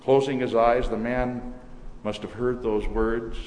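A man's voice: mid-range voice, level tone, a little slow, darkish tone. A male pastor preaching a sermon, telling the story dramatically with shifting emphasis. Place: church sanctuary. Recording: echoey church hall, faint noise.

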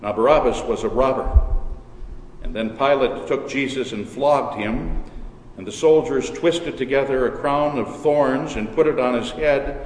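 A man's voice: mid-range voice, a little hiss or hum. Man reading scripture in an echoing hall. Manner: steady and measured. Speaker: scripture reader. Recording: echoey reverberant hall.

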